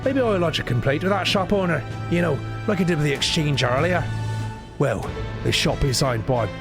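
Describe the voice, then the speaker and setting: A man's voice: fairly high pitch, animated, moderate pace, creaky. Brief: a man playing a grumbling, indignant customer with a put-on accent, over game music. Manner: indignant, complaining.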